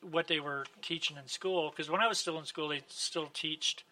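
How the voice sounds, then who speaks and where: A man co-hosting a live podcast in a bright, steady, flat-toned voice. He rambles hesitantly, with plenty of "like" and "I mean", on a dry close mic. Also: on the high side, brisk, no room sound. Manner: rambling, hesitant, loose grammar. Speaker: podcast co-host. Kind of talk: casual live podcast chat.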